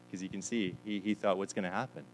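Low-voiced man preaching a story-filled sermon. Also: steady tone, normal speed, soft background music, rough recording. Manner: storytelling with quoted voices, repeats words. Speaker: pastor.

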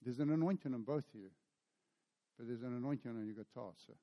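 A middle-aged man with a South African accent preaching a sermon, telling a story and acting out the dialogue in it with lively energy. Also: medium pitch, fast, lo-fi sound. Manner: storytelling, animated, acts out dialogue. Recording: long hall reverb.

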